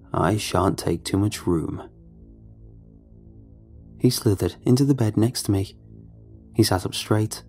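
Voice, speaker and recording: A man tells a first-person horror story, calm and measured throughout. His voice is low and mellow with a husky grain. Faint music runs under him.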